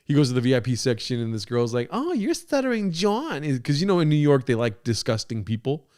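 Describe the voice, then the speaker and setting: A man hosting a podcast, reacting to a clip with crude, excitable, rambling commentary. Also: mid-range voice, fast talker, clear, resonant tone. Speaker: podcast host.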